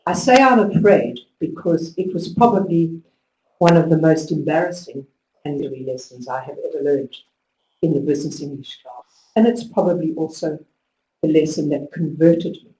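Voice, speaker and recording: A woman giving a conference talk to teachers, telling stories with lively emphasis and driving home instructions. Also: sits low, normal speed. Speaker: conference speaker. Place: conference hall. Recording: echoey hall, distant mic.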